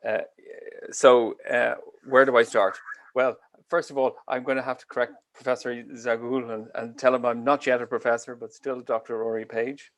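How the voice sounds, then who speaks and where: A man with an Irish accent giving an online medical lecture over a video call, speaking deliberately slowly and carefully. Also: mid-range voice, little pitch movement. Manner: deliberately slow and careful delivery. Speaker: guest lecturer.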